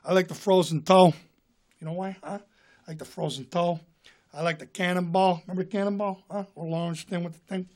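A man's voice: steady tone, brisk, darkish tone, lightly acted. Man doing a growling tough-guy movie star. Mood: chummy. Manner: low, growling, repeats "huh?".

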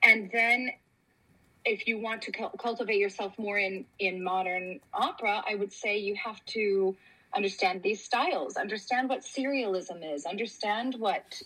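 Opera singer lady chatting, bright and a bit husky, lots of um and you know. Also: mid-range voice, moderate pace, rough recording. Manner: animated, laughing, many fillers and restarts. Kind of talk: casual interview chat.

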